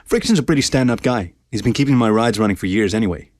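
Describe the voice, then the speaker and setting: A man's voice: mid-range voice, lively intonation, quick pace, a little mellow, no echo, clean studio sound, natural voice. A man voicing a cocky, laid-back male dog who talks in a lazy drawl. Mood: easygoing.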